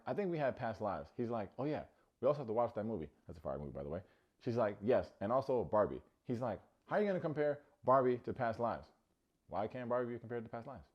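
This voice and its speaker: A man talks through a reality dating show recap with a loose, joking delivery, now and then slipping into quick impressions of the cast. His voice sits low, and the recording has a slightly dull, muffled tone. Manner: joking, animated, mimics cast members' lines. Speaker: recap reviewer.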